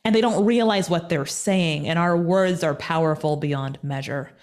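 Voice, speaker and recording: With a low-pitched voice at a moderate pace, this TV personality and speaker answers interview questions over a call. She's energetic and emphatic in a motivational style, circling back to repeat points for effect.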